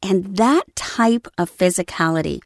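A woman's voice: medium pitch, expressive, measured pace, creaky, dry recording. A woman voice-over coach giving a conversational lesson on voice acting, explaining her points with little acted examples into a studio microphone. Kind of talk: instructional talk on voice acting.

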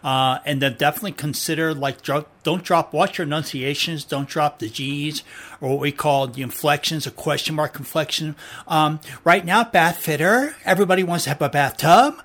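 Playful man with a higher voice. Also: normal speed, a bit bright. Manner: playful, effusive. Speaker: panel moderator. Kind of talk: casual critique.

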